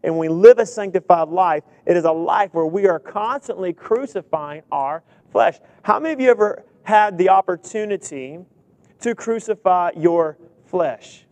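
High-voiced preacher guy, dry close sound, jokey, keeps asking the crowd questions. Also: normal speed, a little mellow, no echo. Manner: humorous, asks the congregation many questions; reads scripture aloud. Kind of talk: sermon.

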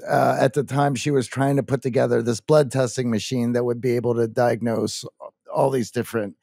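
A man's voice: medium pitch, flat delivery, brisk, gravelly, mellow, no room sound, clean studio sound. A man co-hosting a podcast conversation who talks in a loose, rambling way full of fillers. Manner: rambling, filler-heavy phrasing. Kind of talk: interview conversation.

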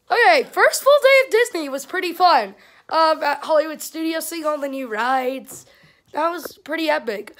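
A woman vlogging casually from a theme park and hotel, excitable and quick to shriek and laugh, filming on a handheld camera. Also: sits high. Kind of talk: casual travel vlog. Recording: theme park crowd and music behind.

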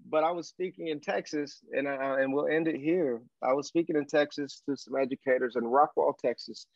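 A man telling a story as a podcast guest, animated, with a preacher's cadence. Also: a little high, brisk, gravelly, dry recording, dull audio. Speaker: guest speaker. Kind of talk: storytelling interview chat.

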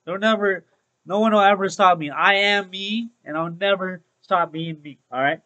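Young male streamer, high voice, bright tone, upbeat repetitive chat with viewers. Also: normal speed, low-quality recording. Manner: chatty and upbeat, repeats phrases, calls viewers bro. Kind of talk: casual Let's Play commentary to live chat.

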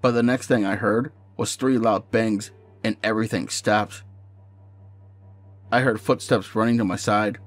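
Low-voiced man narrating a horror story. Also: unhurried, pauses often. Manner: steady first-person storytelling.

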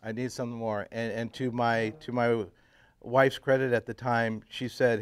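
A man in his fifties, a church pastor, casually telling his life story to a men's breakfast group, swinging from loud, laughing bursts to quiet, earnest stretches. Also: medium pitch, level tone, moderate pace, smooth, dry recording. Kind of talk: casual personal testimony talk. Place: live talk to a roomful of men at a breakfast.

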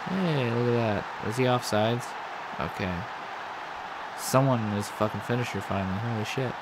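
A man's voice: mid-range voice, steady tone, moderate pace. A man giving casual gameplay commentary as a let's-play host, frustrated, rambling and swearing often. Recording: audible background noise.

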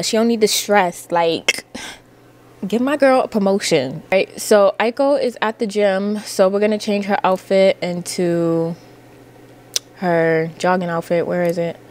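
A young woman giving casual, playful commentary while playing a life-sim game, full of "like" and quick asides. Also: medium pitch, a little mellow. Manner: chatty, playful, lots of "like". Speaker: gaming YouTuber. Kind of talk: casual let's-play commentary.

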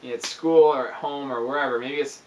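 A young man telling an exaggerated, excitable story for a youth ministry vlog, with sound effects. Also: medium pitch, normal speed, far from the mic, low-quality recording.

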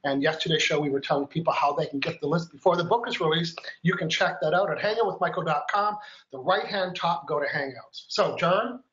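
A man's voice: fairly high pitch, fairly quick, a bit bright, reverberant, highs cut off. A man hosting a live stream, chatty and upbeat, explaining each step and counting aloud as he demonstrates. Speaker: host.

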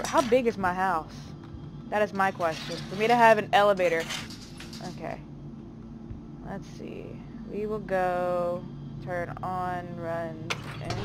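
A woman's voice: mid-range voice, background noise. Jumpy, jokey woman gaming host. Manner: jumpy and jokey, swearing freely. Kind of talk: horror game let's play commentary.

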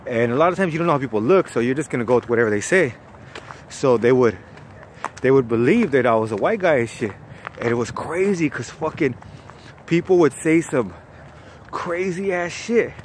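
A man with a relaxed Chicano accent tells his stories in a loose, profane way, with plenty of "like" and "you know what I mean". His voice sits at an ordinary middle pitch. Faint traffic hum from outdoors runs underneath. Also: normal speed. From California. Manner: profane, laid-back storytelling full of fillers. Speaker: former bank call-center worker. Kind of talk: casual storytelling vlog.

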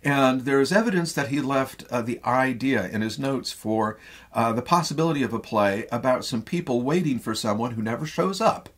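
Midwestern American man, husky lecturer. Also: medium pitch, normal speed. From Midwestern United States. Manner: animated storyteller with frequent fillers. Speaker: theatre professor. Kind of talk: lecture retelling a play.

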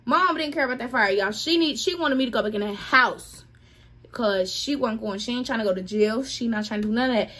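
A young woman vlogger telling a story in casual chat, animated and dramatic, talking straight to her viewers. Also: on the high side, fast. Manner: animated, dramatic retelling, addresses viewers as y'all.

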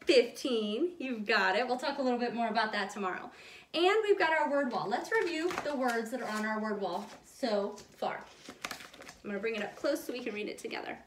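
A woman's voice: a little high, distant mic, slight background noise. A woman teaching a preschool circle time lesson, upbeat and encouraging in a sing-song way. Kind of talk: online circle time lesson for young children. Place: home room. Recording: echoey room, a bit off-mic.

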